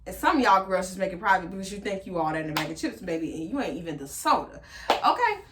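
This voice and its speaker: A young woman vlogger telling a storytime to her viewers, animated and blunt, swearing freely and talking straight to them. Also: fairly low pitch, quick pace, background noise. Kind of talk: storytime chat to camera.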